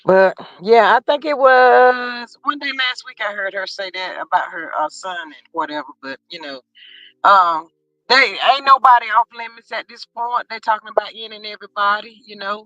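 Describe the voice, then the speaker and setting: A woman's voice: medium pitch, moderate pace, bright, forceful tone, no echo. Woman, laid-back chat, dry, muffled lo-fi line. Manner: laid-back, agreeing with frequent hums. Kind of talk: casual gossip chat.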